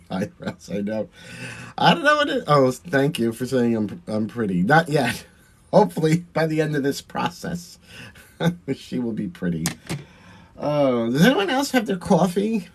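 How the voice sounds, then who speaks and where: A man's voice: mid-range voice, big pitch swings, measured pace, slightly rough. A man with a Long Island accent, a drag performer chatting through a livestream while doing his makeup, answering viewer comments and laughing often.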